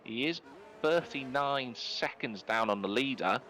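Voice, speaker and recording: Bright-voiced male race commentator. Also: mid-range voice, expressive, faint music behind, poor audio. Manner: brisk play-by-play, rising with incidents. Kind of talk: live esports race commentary.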